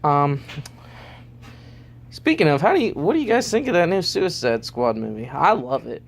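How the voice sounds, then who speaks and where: A man's voice: fairly high pitch, sing-song, moderate pace, vocal fry. A man hosting his own vlog, rambling loosely through a ranking with lots of fillers. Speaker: vlogger.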